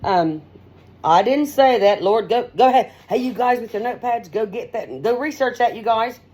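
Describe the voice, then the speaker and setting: A middle-aged woman radio host giving a rambling, folksy straight-talk monologue, her pitch swinging up and down as she talks. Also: animated, normal speed, a little mellow, breathy edge.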